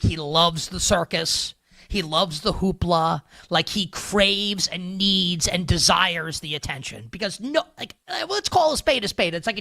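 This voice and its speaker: Bright, dry-voiced sports betting host. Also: male voice, sits high, no echo. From northern United States. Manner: rambling, filler-heavy, sarcastic. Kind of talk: casual sports commentary.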